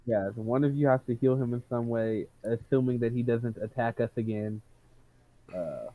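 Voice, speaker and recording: A man playing a tabletop role-playing game, declaring actions and answering in character in a dry, deadpan way. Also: mid-range voice, moderate pace, no echo. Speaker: player. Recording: tinny phone-like call audio.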